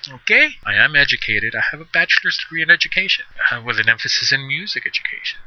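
A man's voice: mid-range voice, animated, fast talker. A middle-aged man hosting his own podcast in a chatty, self-deprecating, conversational manner. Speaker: podcast host. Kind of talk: casual solo podcast monologue. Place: on the road. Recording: dull lo-fi sound.

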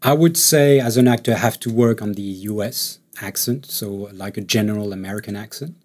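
A French-speaking actor chats as a guest in a casual interview, his voice on the low side and his pace brisk. He's relaxed and laughs often, with many fillers and restarts.

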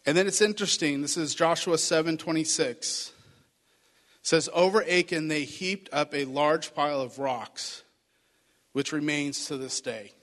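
A man's voice: fairly high pitch, measured pace, a bit bright. A man preaching a sermon, retelling a Bible story and acting out the voices of its figures. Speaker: pastor. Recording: reverberant hall.

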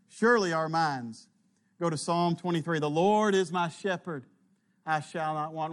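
A man delivers a sermon in an unhurried, emphatic way, letting his phrase ends sink low. His voice sits fairly high for a man. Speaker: preacher.

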